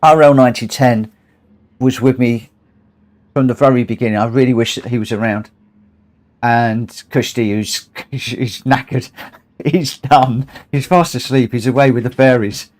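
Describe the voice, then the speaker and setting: A man's voice: mid-range voice, steady tone, a little slow, darkish tone. A tired man hosting a long charity gaming livestream, chatting casually, rambling and repeating himself as he gets emotional. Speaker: livestream host.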